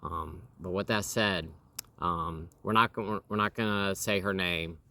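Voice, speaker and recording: A man's voice: low voice, steady tone, measured pace, sharp tone. A man in his thirties hosting a casual home interview with his wife, rambling with lots of fillers and restarts.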